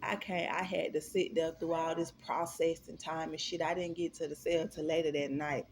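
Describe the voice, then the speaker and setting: A young woman with a low, gravelly voice talks straight to her viewers in a casual storytime vlog. She is candid and profane and keeps calling them y'all, with a faint hiss behind her. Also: flat delivery, moderate pace. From Florida.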